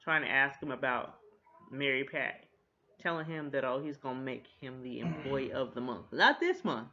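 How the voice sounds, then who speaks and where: A man giving a casual, animated recap of a TV episode. He talks in a chatty way, swears freely and laughs along with the jokes. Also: mid-range voice, normal speed, lo-fi sound. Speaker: TV recap host.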